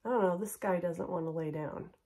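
A woman's voice: on the low side, normal speed, mellow. A middle-aged woman, chatting casually and upbeat as she unboxes and tries on jewelry. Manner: chatty, upbeat, drops to a near whisper for close-ups. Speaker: shopping haul vlogger. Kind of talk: casual chat unboxing and try-on.

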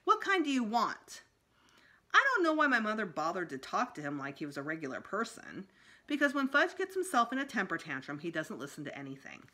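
A woman, a school librarian, reading a children's chapter book aloud with expressive storytelling. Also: lowish voice, fast talker.

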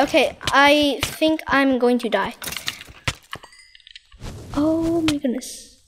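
A woman giving excitable, dramatic commentary over her Minecraft gameplay, exclaiming and repeating herself. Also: high voice, slow, pauses often, slight background noise. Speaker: gaming channel host.

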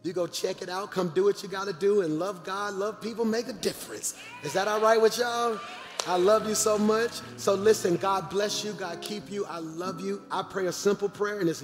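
A man, a pastor making lively announcements to his congregation from the pulpit. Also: high voice, normal speed, in a large hall, music in the background. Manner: animated, calls out to the congregation. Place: large church auditorium.

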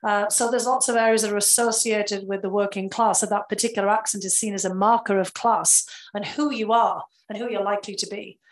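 A woman with a carefully enunciated Northern English accent, answering interview questions in a measured, explanatory way with frequent fillers. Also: mid-range voice, steady tone, low-quality recording. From England. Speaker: guest, former security official.

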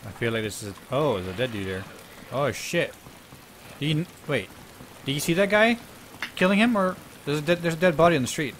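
A man hosting a gaming video, excitable and swearing often while playing. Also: a little high, a little fast, long pauses, a little hiss or hum. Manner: excitable, swearing, laughs a lot. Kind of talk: gameplay commentary.

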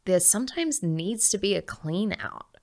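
A woman appearing as a podcast guest recounts a personal story with lively energy, laughing often and imitating the voices of people she quotes. Her voice is mid-range and a little slow.

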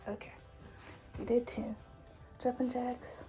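This fitness vlogger is a young adult woman doing a home workout and talking casually to her viewers, slightly winded, full of filler words and "you guys." She has a fairly high, dark-toned voice with flat, slow delivery. Soft music plays behind her, and the audio quality is poor.

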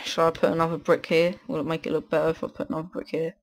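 A man hosting a gaming video on a headset, chatting casually to himself while he builds, swearing often and breaking into excited bursts. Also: fairly high pitch, very fast, vocal fry, a little hiss or hum. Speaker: gaming channel host. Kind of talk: casual gameplay commentary.

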